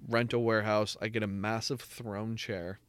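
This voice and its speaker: A man's voice: on the low side, little pitch movement, moderate pace, a bit bright, clean tone, no room sound. A young man co-hosting a casual podcast with his brother, rambling through stories with lots of fillers. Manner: rambling, filler-heavy storytelling. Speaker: podcast co-host. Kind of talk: casual chat between brothers.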